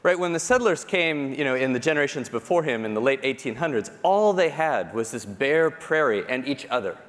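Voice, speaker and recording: A man giving a keynote talk, telling personal stories in an animated, self-deprecating way and acting out the people he quotes. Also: medium pitch, brisk. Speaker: conference speaker. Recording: long hall reverb.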